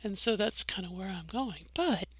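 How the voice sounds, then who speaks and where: A woman's voice: medium pitch, lively intonation, normal speed, fairly bright tone, slightly rough, no room sound. A middle-aged woman talking through her voice training in a casual video diary, rambling and correcting herself as she goes. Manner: rambling, self-correcting, demonstrating her own voice. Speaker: vlogger.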